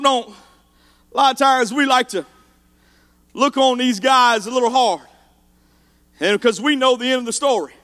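High, bright-voiced shouting preacher man. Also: big-room sound. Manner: rising to shouted, sing-song preaching with "uh" between phrases. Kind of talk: sermon.

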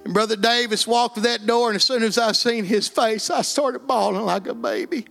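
A man's voice: very high voice, normal speed, vocal fry, fairly bright tone, faint music behind. A middle-aged man from Texas with an East Texas accent, telling his life story as an earnest, plainspoken guest. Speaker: guest giving testimony. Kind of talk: emotional personal testimony.

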